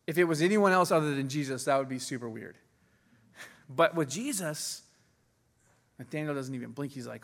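Animated male preacher in a reverberant hall. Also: a little high, moderate pace, gravelly, long pauses. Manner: animated, laughs often, voices quoted figures. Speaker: pastor. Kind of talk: sermon.

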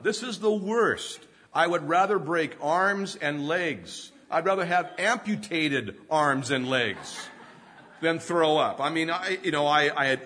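A man's voice: a little high, pushed and bright. A man in his fifties preaching a sermon, telling humorous self-deprecating stories and often laughing mid-sentence. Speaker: pastor.

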